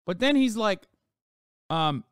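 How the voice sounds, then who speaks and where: A man reacting on a livestream, talking in a sarcastic, profane rant. His voice sits fairly high for a man and comes through smooth and resonant. The sound is dry and close, with no room around it. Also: sing-song, slow pace, no room sound.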